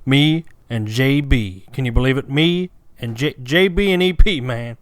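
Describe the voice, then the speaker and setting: A man's voice: medium pitch, moderate pace, dry recording, natural voice. A man putting on the voice of a drawling Elvis-style rock-and-roll king who spins absurd rambling tall tales, sprinkling "man" and "boy" everywhere. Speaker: comedy sketch performer.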